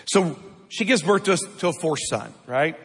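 Bright-voiced preacher in a reverberant church. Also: male voice, on the high side, expressive, normal speed, slightly rough. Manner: preaching with call-and-response. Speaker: pastor. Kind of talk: sermon. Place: church sanctuary. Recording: long hall reverb.

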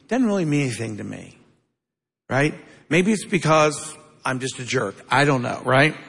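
A man's voice: fairly high pitch, a bit bright, slightly rough, big-room sound. A man preaching a sermon in a conversational way, asking the congregation to answer back. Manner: conversational preaching, asks the crowd for responses. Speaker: pastor.

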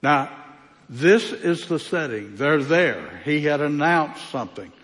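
A man preaching a sermon as pastor, speaking with slow, emphatic delivery and long pauses. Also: fairly high pitch, big pitch swings, a bit bright, in a large hall.

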